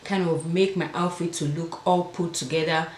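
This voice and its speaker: A woman with an African accent chatting to camera in a casual vlog, her voice sitting a little low. She repeats words for emphasis, and the room gives her voice a noticeable echo. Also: steady tone, normal speed, a little hiss or hum. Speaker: fashion vlogger.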